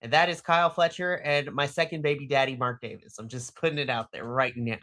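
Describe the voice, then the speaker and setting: A man co-hosting a wrestling podcast in casual chat, animated and laughing often, acting out his own reactions. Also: mid-range voice, fast. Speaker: podcast co-host.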